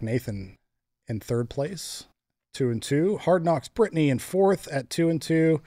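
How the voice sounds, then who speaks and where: A young man hosting a casual fantasy football chat, joking easily with his friends. His voice sits at an ordinary middle pitch, and the sound is close and dry. He moves between segments loosely, without hurry. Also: dark tone, no room sound. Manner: laid-back, joking, runs the segments. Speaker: podcast host.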